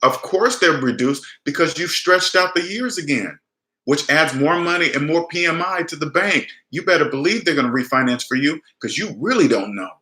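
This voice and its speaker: A man's voice: a little high, expressive, moderate pace, bright, forceful tone, roomy sound. A man giving casual, emphatic advice on money and mortgages, repeating points and coaching the listener directly. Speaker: personal finance vlogger.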